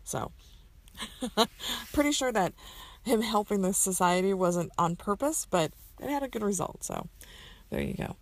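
A woman's voice: medium pitch, wildly swooping pitch, a little slow, pauses often, no room sound. A woman casually answering a list of questions, rambling with lots of fillers and self-corrections. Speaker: community member answering questions.

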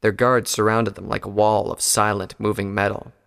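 Male storybook narrator, measured delivery, gravelly tone, long reverb. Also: fairly low pitch, flat delivery, a bit bright. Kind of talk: audiobook reading of fan fiction.

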